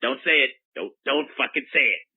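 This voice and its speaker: A man voicing a gruff, foul-mouthed baseball mascot who calls in to a comedic advice show, combative and rambling. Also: mid-range voice, steady tone, brisk, phone-quality sound, pitched below the performer's own voice. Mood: aggrieved. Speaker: caller.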